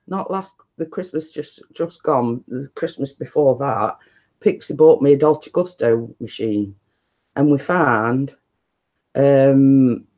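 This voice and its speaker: A man chats on a live stream at home, keeping his voice down as he rambles on to viewers. He talks slowly, his tone mellow and unhurried, captured on a phone. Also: medium pitch. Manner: talking quietly, rambling and chatty. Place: living room at home, indoors.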